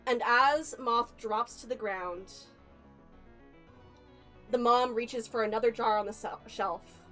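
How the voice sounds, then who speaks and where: A woman game master narrating a spooky tabletop one-shot. She talks slowly and deliberately, with suspenseful pauses and a slightly high voice. Faint music plays behind her. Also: a bit bright. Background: faint background music.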